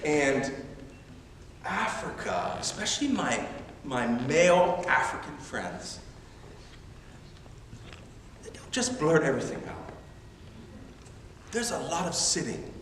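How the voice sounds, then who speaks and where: Man preaching, slightly high voice, lively and emphatic, heard from afar in a big echoey sanctuary. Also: slow pace, long pauses, distant mic, slight background noise. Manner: animated, emphatic, self-deprecating humor. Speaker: missionary preacher. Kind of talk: sermon. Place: large church sanctuary. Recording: echoey church hall from afar.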